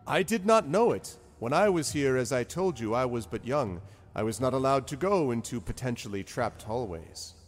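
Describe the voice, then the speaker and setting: A man's voice: medium pitch, animated, soft background music, close to an everyday voice. A man voicing a solemn, devout male temple guardian who speaks formally, in a game. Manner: formal, measured speech.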